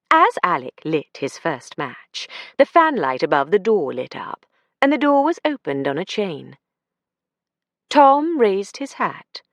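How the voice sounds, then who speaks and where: A woman reading an audiobook with a lively, expressive storytelling voice, her pitch slightly low. The recording is dry and close, with no room sound. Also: creaky, dry recording. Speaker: audiobook narrator. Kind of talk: scripted audiobook narration.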